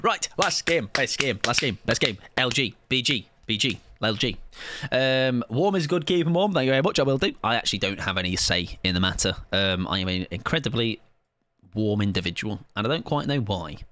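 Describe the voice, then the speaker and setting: A man's voice: medium pitch, expressive, fairly quick, pushed and bright, no echo. Joking man streaming a game. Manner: joking, rambling, self-mocking. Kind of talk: live gaming stream chat.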